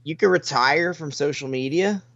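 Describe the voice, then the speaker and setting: A man's voice: a little high, moderate pace, gravelly, fairly bright tone, lo-fi sound. A man co-hosting a podcast, chiming in with sarcastic, casual remarks. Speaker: podcast co-host. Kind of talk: casual chat.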